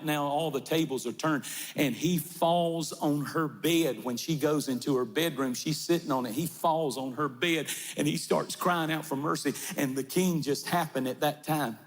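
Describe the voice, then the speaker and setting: A man preaching a sermon to a large church congregation, impassioned, retelling a story and shouting at the peaks. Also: fairly high pitch, moderate pace, big-room sound. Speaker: pastor.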